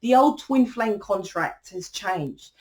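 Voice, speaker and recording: A woman's voice: medium pitch, expressive, slow. A young woman talking straight to her viewers in a loose, rambling way. She circles back on her points and drops in casual swearing as she goes. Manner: rambling, chatty, swears freely. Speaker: spiritual channel host. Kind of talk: casual monologue.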